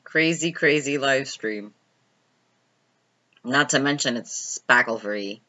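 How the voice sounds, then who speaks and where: A woman's voice: rumbling low, slow, pushed and bright, muffled recording. A woman hosting a casual live stream, chatting and laughing as she answers viewers' comments by name.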